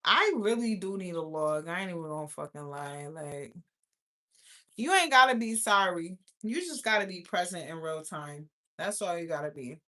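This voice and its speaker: A woman's voice: on the low side, lively intonation, moderate pace, sharp tone. Young woman, vlogger, brash, profane, laughs often, casual chat. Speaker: YouTube host.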